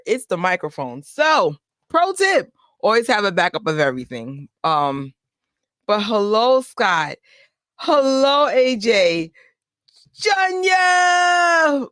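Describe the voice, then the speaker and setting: A young adult woman hosting a casual fan live stream from home on a desk microphone, chatty and excitable, greeting viewers by name and laughing often. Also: medium pitch, no room sound, clean studio sound. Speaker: fan channel host.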